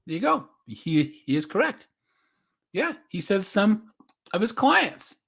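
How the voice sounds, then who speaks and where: A young man from the US West Coast talks casually to his livestream viewers, reading chat comments and laughing along. His voice sits a little high and swings widely in pitch. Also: sing-song, a little slow, vocal fry, fairly bright tone, husky. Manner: chatty, laughing, reads chat comments aloud. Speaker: streamer reacting to videos and chat.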